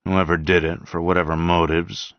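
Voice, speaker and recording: A man's voice: sits low, flat delivery, normal speed, dry recording. A man voicing a harsh, bitter man with a grudge in an audiobook reading, with an indignant manner. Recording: dull dry lo-fi sound.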